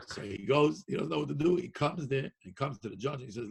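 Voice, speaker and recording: A male Torah teacher telling a long story in an animated way, repeating words and laughing between lines. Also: mid-range voice, brisk, few pauses. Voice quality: gravelly, husky. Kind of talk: storytelling lecture.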